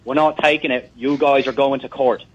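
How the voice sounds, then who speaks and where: A man's voice: mid-range voice, steady tone, moderate pace, dry recording, highs cut off, voice pushed up, natural voice. A man faking an Irish accent while calling in to a radio show, telling his story in a brash, offhand way. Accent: put-on Irish. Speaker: caller.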